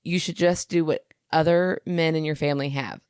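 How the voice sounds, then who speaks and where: A woman's voice: sits low, steady tone, moderate pace, darkish tone, clear, resonant tone, no room sound, clean studio sound. A woman co-hosting a podcast, chatting frankly with a wry, easy humor. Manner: frank and wry, laughs along. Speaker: podcast co-host. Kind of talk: casual chat.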